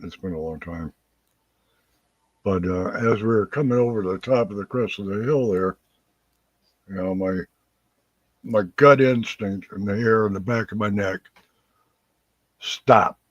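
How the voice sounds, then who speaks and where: A man with a husky, fairly low voice spins folksy stories as host of a live chat show. The sound is dry and dull, like a lo-fi home setup. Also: moderate pace, long pauses, no echo. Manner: folksy, laughs through his stories. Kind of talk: casual storytelling chat.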